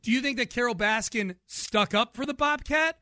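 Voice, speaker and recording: A man's voice: very high-pitched, a little fast, sharp tone, no room sound, studio quality. A man hosting a radio talk show, chatting casually and often laughing with his co-host.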